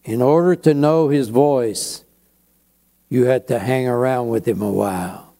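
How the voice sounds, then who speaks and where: Pastor, male; slow, unhurried sermon delivery with a warm, mellow tone and chatty asides. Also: medium pitch. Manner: slow, conversational preaching with asides.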